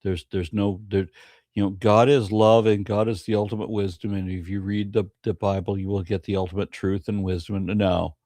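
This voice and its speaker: A man's voice: on the low side, level tone, normal speed, dark tone, no room sound, studio quality. A man co-hosting a live stream, talking bluntly and emphatically, with some profanity. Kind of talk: casual debate review chat.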